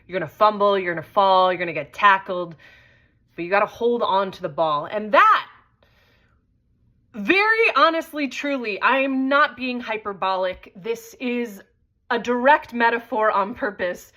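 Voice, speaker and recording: A woman's voice: mid-range voice, lively intonation, moderate pace, pushed and bright. A woman hosting her own vlog, telling a story in a conversational way and swearing freely. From United States. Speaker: host. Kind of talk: casual vlog monologue.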